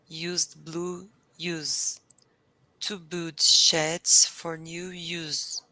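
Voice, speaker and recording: A woman learning English over a video call, speaking carefully and haltingly, repeating words to practise them. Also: deep voice, little pitch movement, sharp tone, no room sound, rough recording. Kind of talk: casual online lesson.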